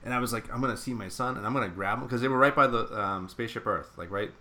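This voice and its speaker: A man co-hosting a running podcast, telling stories in a chatty way and repeating words when excited. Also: mid-range voice, fast. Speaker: podcast co-host. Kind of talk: casual chat.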